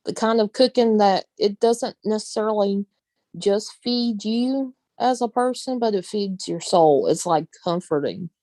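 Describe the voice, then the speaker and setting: A woman's voice: mid-range voice, a little slow, mellow, no room sound. A woman from the Southern United States with a Southern accent, chatting casually on her vlog, laughing often and using folksy phrases. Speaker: vlogger. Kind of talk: casual chat.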